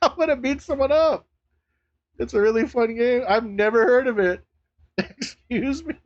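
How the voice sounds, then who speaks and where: A man streaming live, chatting casually to viewers, laughing often, swearing and getting excitable. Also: extremely high pitch, moderate pace, muffled recording.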